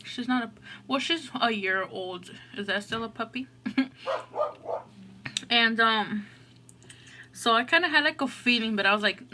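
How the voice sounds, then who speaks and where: Over a noisy background, a woman with a fairly high voice hosts an eating show at a measured pace, leaving long pauses. Her story wanders casually and is packed with "like" and "oh my gosh."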